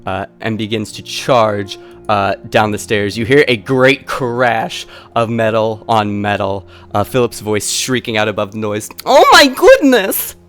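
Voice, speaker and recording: A man's voice: fairly low pitch, steady tone, measured pace, few pauses, fairly bright tone, soft background music. A man narrating a tabletop game as game master, with a hesitant delivery full of fillers.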